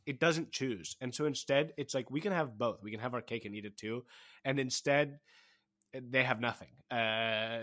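A man's voice: medium pitch, a bit bright. A man co-hosting a podcast, chatting about a movie in an emphatic, exasperated way and laughing often. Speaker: podcast co-host. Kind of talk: casual movie-review chat.

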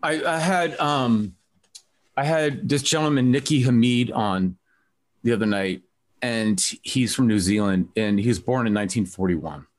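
A man's voice: medium pitch, measured pace. A man hosting an interview, chatting casually and telling rambling stories. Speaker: interview host.

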